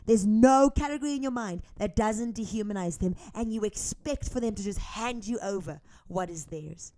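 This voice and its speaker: A woman's voice: medium pitch, normal speed, mellow, slight background noise. Emphatic woman host arguing her case. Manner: emphatic, argumentative, repeats points. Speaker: host of a reaction video channel. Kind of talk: opinionated commentary.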